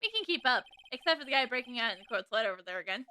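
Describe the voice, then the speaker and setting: A woman's voice: fairly high pitch, expressive, very fast, pushed and bright, no room sound. A young woman giving casual, chatty commentary while reading through a courtroom game. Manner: chatty, laughing asides. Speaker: let's play streamer.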